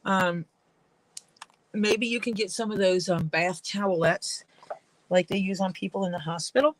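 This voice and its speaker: A woman's voice: mid-range voice, fairly even intonation, moderate pace, pauses often, no echo, low-quality recording. A woman leatherworker rambling through casual stories while she works at her craft. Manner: rambling, storytelling.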